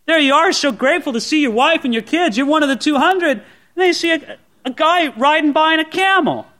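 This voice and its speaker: A male pastor preaching a sermon, telling the story in an animated way and speaking straight to his congregation. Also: extremely high pitch, fairly quick. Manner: animated storytelling, addresses the listener directly.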